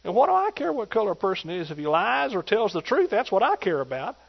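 A preacher with a high, ringing voice presses every point of his sermon with emphatic call-and-response energy aimed at the congregation. His pitch swings hugely, his pace is quick, and there's a creak in his voice. The lo-fi recording sounds dull, its treble muffled.

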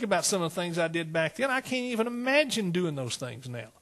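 A pastor preaching a sermon, telling his own story in a lively way and often breaking into exclamations of praise. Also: sits high, fairly quick, hardly any pauses.

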